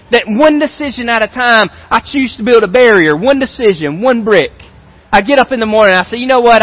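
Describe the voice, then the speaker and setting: A man's voice: high voice, a bit bright, poor audio. A male pastor giving a conversational sermon in a large church auditorium, repeating phrases for emphasis.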